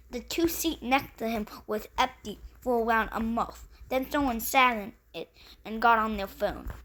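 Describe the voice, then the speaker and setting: A woman's voice: fairly high pitch, a bit bright. A woman telling an improvised story in a rambling, run-on way, restarting sentences often.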